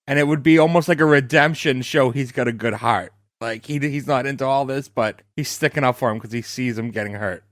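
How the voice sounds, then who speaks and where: A man's voice: mid-range voice, a little fast, hardly any pauses, no echo, studio quality. Earnest man giving podcast opinions. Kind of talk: casual chat.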